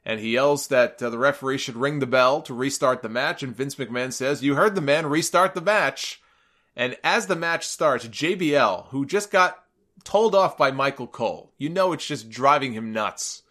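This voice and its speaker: Male recapper, mid pitch, casual storyteller, animated and amused. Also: moderate pace. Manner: animated, amused, quotes people in raised voices. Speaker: wrestling commentator recapping a match.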